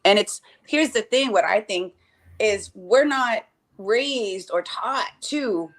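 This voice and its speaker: A woman's voice: mid-range voice, slow pace. A woman chatting casually on a live stream call, rambling with many restarts and acting out quotes. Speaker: mother discussing cardology. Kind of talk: casual chat. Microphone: remote call.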